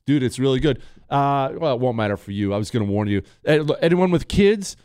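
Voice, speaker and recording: A man's voice: medium pitch, expressive, fairly quick, a little mellow, clear, resonant tone, no room sound, studio quality. A young adult man hosting a radio show, bantering and joking in casual talk. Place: radio studio. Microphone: studio mic.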